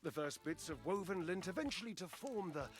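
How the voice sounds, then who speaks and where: A vain, preening talking dryer from a video game, high and swooping all over as he boasts. He talks in florid, theatrical phrases, utterly pompous and in love with himself. Faint music plays under him. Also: animated, fairly quick. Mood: self-admiring. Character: vain flamboyant male talking dryer, grandiose.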